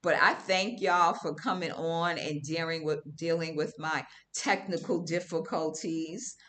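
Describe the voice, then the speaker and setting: Woman on a livestream telling a story, bright voice, super chatty and slangy. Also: low-pitched, fairly even intonation, a little slow. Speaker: livestream host. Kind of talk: casual storytelling to a live audience.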